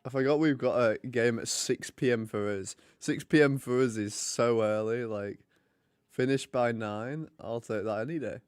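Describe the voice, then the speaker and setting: A man's voice: mid-range voice, normal speed, clean tone, dry recording. A young man chatting and joking casually while hosting a live hockey watch party. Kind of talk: casual live commentary and chat.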